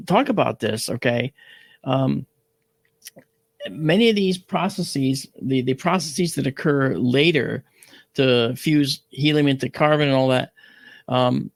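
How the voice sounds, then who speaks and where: A man's voice: on the high side, creaky, dry recording. A man hosting an astronomy show, explaining in a casual way with analogies and frequent check-ins. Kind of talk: casual educational talk.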